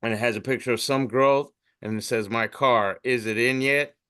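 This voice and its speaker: A man's voice: medium pitch, fairly even intonation, normal speed, fairly bright tone, smooth. A man who does comedy, hosting a podcast and reading memes aloud in a loose, profane, jokey way. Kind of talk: casual comedic meme reading.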